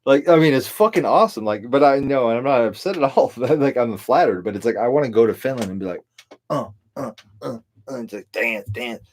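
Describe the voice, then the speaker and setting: A man's voice: mid-range voice, lively intonation, a little fast, hardly any pauses. A middle-aged man hosting a livestream, a tipsy, rambling and profane monologue with frequent laughter. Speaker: livestream host.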